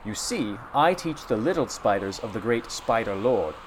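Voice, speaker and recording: A man voicing a shrill, high-pitched old spider who teaches young spiders and tries to sound solemn but rambles. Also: lively intonation, moderate pace, slight background noise, close to an everyday voice. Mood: mock-solemn. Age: older. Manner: solemn then babbling.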